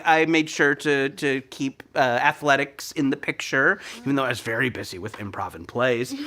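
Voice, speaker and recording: A man's voice: fairly high pitch, sharp tone. A male host in casual chat, self-mocking and jokey, laughing often.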